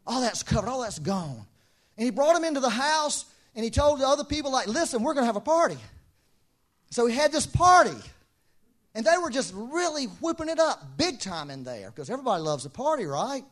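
A man's voice: extremely high pitch, very animated, brisk, fairly bright tone. A middle-aged man preaching a sermon, telling stories, acting out quoted voices and laughing often. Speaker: pastor.

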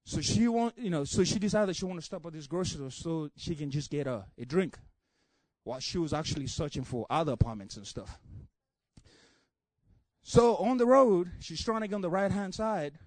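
A man preaching a sermon with passion, building repeated refrains up to shouts and dropping low to tell a story. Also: moderate pace, dry recording. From Africa.

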